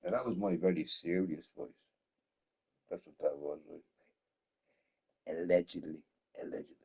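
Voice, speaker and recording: Pijany, hałaśliwy mężczyzna na streamie, przeklinający i powtarzający się. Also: male voice, low-pitched, fairly even intonation, moderate pace, creaky, slightly rough. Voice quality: loud, swinging between shouting and mumbling. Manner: swears a lot, laughs often, repeats himself. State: drunk. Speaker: gaming streamer. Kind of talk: rambling casual livestream chat.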